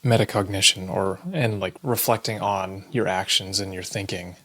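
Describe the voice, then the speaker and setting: A man's voice: deep voice, little pitch movement, moderate pace, a bit bright. A man in his thirties co-hosting a parenting podcast, chatting casually and asking thoughtful, guiding questions. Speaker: podcast co-host.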